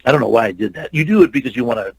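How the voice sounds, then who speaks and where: A man's voice: medium pitch, lively intonation, very fast, vocal fry, breathy edge, low-quality recording. An older man, a stuntman and actor, telling long rambling anecdotes in a casual interview, full of restarts and quoted dialogue. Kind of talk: casual storytelling.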